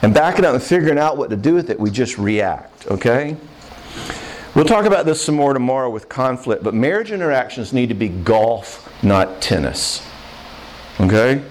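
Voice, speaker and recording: An older man giving a lively sermon on marriage to a live crowd, conversational and playful, often checking in with the listeners. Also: mid-range voice, moderate pace, a little hiss or hum, rough recording. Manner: acts out quoted voices and jokes. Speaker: pastor teaching on marriage.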